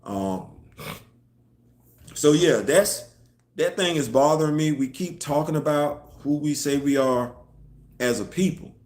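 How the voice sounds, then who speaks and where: A man's voice: fairly high pitch, a little slow, pauses often, darkish tone. A man hosting a casual live online show, talking emphatically, firing off rhetorical questions and answering viewer chat. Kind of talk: casual live-stream commentary. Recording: echoey room.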